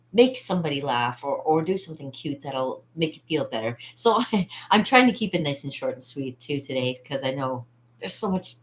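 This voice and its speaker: A woman hosting her own channel chats casually and rambles from one thought to the next. She laughs often and acts out what other people said. Her voice sits a little low. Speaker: channel host. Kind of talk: casual vlog chat.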